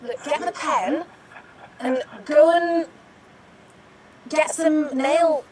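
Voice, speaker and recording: A woman's voice: high voice, drawn-out words, darkish tone, recorded from a distance, a little hiss or hum. A woman voicing a chiding, encouraging nail technician in an online improv scene. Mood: bossy. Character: bossy upbeat female nail technician.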